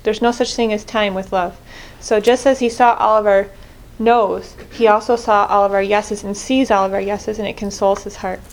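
A woman's voice: medium pitch, fairly even intonation, moderate pace, few pauses. A woman leading a group prayer reflection in an earnest way, often restarting and correcting herself mid-sentence. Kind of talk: spoken reflection on scripture.

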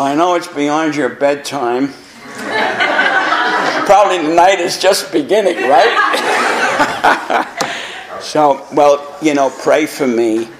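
Casting: elderly male preacher, 80s, gravelly voice, rambling and blunt, stumbles over repeated words, storytelling to a crowd. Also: medium pitch, background noise. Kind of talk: anecdotal talk to a live audience.

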